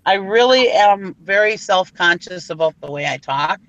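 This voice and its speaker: A woman's voice: mid-range voice, lively intonation, normal speed, a bit bright, dry recording, lo-fi sound. A woman from Minnesota with a northern Minnesota accent, chatting casually and laughing often as she tells stories. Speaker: truck driver and reseller on a live hangout. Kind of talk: casual chat.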